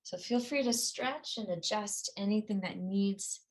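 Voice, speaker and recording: A woman's voice: mid-range voice, a little slow. A middle-aged woman teaching a mental-training class, speaking in an earnest, conversational way with some fillers and self-corrections. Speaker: meditation and ski performance teacher. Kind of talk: guided class talk.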